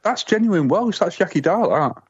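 A man's voice: high-pitched, animated, moderate pace, breathy edge. A man co-hosting a podcast, teasing and laughing through casual banter. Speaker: podcast co-host. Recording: dull lo-fi sound.

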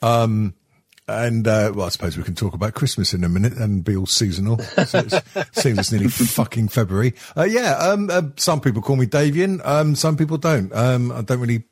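A man's voice: medium pitch, lively intonation, fairly quick, breathy edge. A middle-aged man hosting a podcast in a rambling, sweary, casual way, full of ums and restarts. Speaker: podcast host.

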